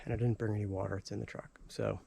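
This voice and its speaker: A man's voice: fairly low pitch, level tone, fast, gravelly, dark tone, slight background noise. A man talking to his camera while hiking a forest trail outdoors, hot and thirsty, chatting along as though to himself. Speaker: vlogger.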